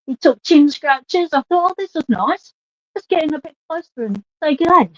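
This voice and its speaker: A woman's voice: high-pitched, lively intonation, moderate pace, dry recording, poor audio. A woman, chatting on a video call and telling a story from her own life. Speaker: guest. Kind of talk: casual chat.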